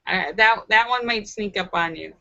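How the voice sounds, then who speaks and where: A woman hosting a live stream, reading viewers' jokes aloud and acting out the voices with giggly, animated delivery. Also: medium pitch, vocal fry, dry recording, lo-fi sound. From Los Angeles area.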